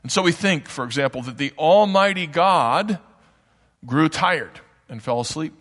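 A man's voice: fairly high pitch, animated, measured pace, fairly bright tone. A man preaching a sermon in a church, in a conversational, explanatory manner with frequent asides. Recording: long hall reverb.

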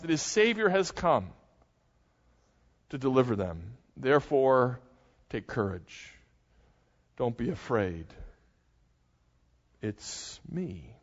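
Folksy pastor with a higher voice. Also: male voice. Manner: conversational and folksy, with asides to the congregation. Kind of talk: sermon. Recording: dull lo-fi sound with long hall reverb.

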